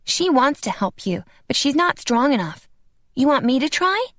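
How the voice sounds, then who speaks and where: Tino is a small, earnest little boy with a high, bouncy voice and a touch of smugness, as a woman reads him in an audiobook. His voice rises and dips with a lot of play. The sound is dry and close. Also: very animated, normal speed, a bit bright, no echo. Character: small eager boy who can teleport. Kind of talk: audiobook character voice.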